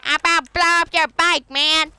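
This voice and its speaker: Squeaky, sharp-toned troll playing a cop as a gamer puts it on, mocking and repetitive, headset chat with faint gunfire behind. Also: steady tone, moderate pace, a little hiss or hum. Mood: taunting. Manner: taunting, mocking, repetitive insults. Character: squeaky bratty self-proclaimed old policeman. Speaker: online game troller.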